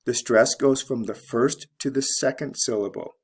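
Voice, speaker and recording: A man teaching English pronunciation, explaining word stress slowly and deliberately and spelling out letters one by one. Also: mid-range voice, breathy edge. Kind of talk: slow instructional explanation.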